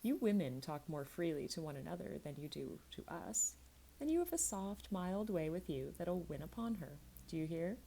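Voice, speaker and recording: A woman's voice: lowish voice, big pitch swings, moderate pace, creaky, mellow, low-quality recording. A woman reading aloud and voicing a cruel, crafty male dwarf who hisses whispered threats. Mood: scheming.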